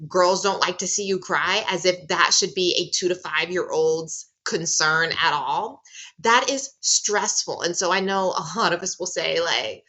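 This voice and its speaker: Emphatic woman with a bright voice. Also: lowish voice, a little slow, dull audio. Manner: emphatic, repeats phrases for stress. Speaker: lecturer. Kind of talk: casual lecture.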